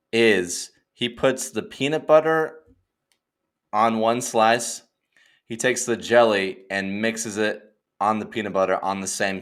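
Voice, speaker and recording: A young man co-hosting a casual podcast, excitable and quick to mock outrage, slipping into silly voices. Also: fairly low pitch. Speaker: podcast co-host. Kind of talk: casual chat.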